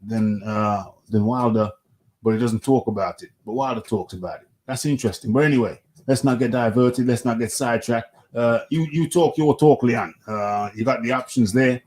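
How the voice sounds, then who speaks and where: A man's voice: medium pitch, a little mellow. A British man hosting a casual boxing talk show, repeating himself as he makes emphatic points. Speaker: boxing podcast host.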